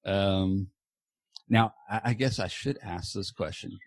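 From a small home office, a man hosts a podcast through earbuds, chatting casually in a loose, rambling way with the odd swear word. His voice is a little low and slow, and the sound is dry and close with no room echo.

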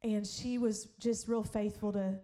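A woman's voice: medium pitch, fairly even intonation, unhurried, warm tone. A woman pastor preaching in a storytelling way. She laughs often and acts out other people's voices. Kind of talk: sermon storytelling.

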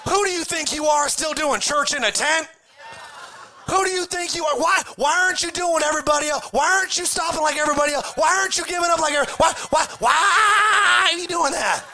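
A man doing a shrill scolding boat crowd. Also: a little hiss or hum, heavily acted. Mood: jeering, indignant. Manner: shouting, incredulous, rapid-fire. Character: mob of scolding disciples jeering from a boat.

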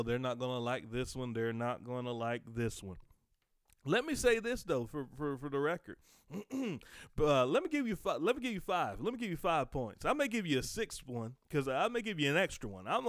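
A man's voice: fairly high pitch, dry recording, clean studio sound. A man preaching on his podcast in a fervent way, building to emphatic outbursts and repeating phrases for force. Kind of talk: sermon podcast.

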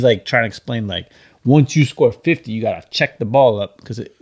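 A man's voice: medium pitch, lively intonation, fairly quick. A man co-hosting a beer podcast, telling a story in casual chat and mimicking the people in it. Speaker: podcast co-host.

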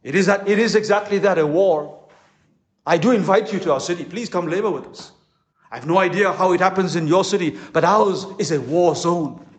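Man, pastor, impassioned sermon, dramatic pauses, high voice, echoey conference hall.

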